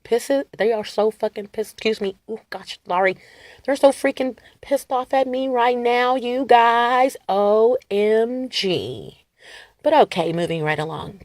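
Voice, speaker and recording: Animated, defiant woman vlogger. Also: fairly high pitch, a little slow, no room sound, studio quality. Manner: animated, defiant, laughing, swings loud and soft. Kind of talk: rambling talk to camera.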